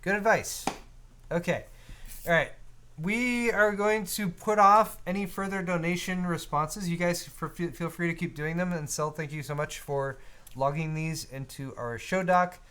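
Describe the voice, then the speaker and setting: A man with a slightly high voice co-hosts a live hardware stream. He reads viewer messages and answers them in a loose, chatty way, full of small restarts. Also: measured pace, a little hiss or hum. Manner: relaxed, reads viewer donations aloud; frequent fillers and restarts, conversational. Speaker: co-host of a hardware show. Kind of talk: casual live-stream chat.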